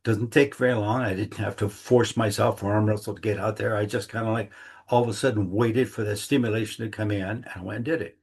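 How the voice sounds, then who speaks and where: A man's voice: fairly low pitch, steady tone, fast talker, vocal fry, darkish tone, husky. A middle-aged man giving a casual, rambling monthly talk, acting out little inner dialogues in a folksy way. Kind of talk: casual reflective monologue.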